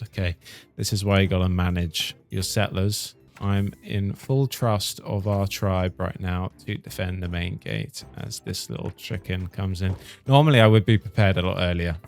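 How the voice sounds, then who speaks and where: A man talks through a strategy game in a relaxed, joking commentary. His voice sits a little low with a gravelly edge. He keeps up a cheeky running chatter, teasing and mildly cursing the characters he controls. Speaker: gaming commentator. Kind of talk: casual gameplay commentary.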